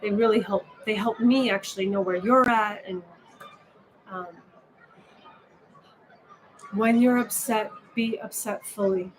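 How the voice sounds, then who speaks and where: Female meditation teacher, reflective, gentle delivery, noisy recording. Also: medium pitch, unhurried, pauses often. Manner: gentle, musing, with frequent "right?". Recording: steady background noise.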